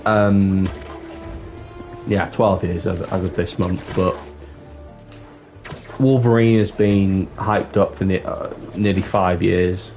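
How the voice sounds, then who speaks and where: Rambling man, low voice. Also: steady tone, takes it slowly, long pauses, a little mellow. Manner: candid, rambling, sweary. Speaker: live streamer. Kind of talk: casual livestream chat. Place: dark room with the light off. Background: music.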